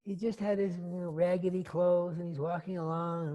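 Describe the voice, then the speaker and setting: A man's voice: high-pitched, a little fast, mellow. A man giving a dharma talk who retells a story in a rambling, conversational way, full of asides and fillers. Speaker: dharma teacher.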